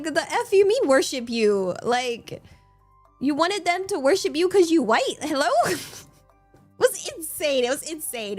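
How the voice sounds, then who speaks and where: A young woman streamer telling a story in casual chat, incredulous and laughing, rambling with many fillers. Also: very high voice.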